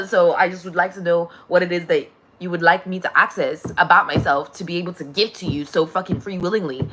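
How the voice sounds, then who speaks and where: A woman's voice: lowish voice, steady tone, quick pace, hardly any pauses, fairly bright tone. A woman delivering a rambling, profane spiritual monologue, laughing often.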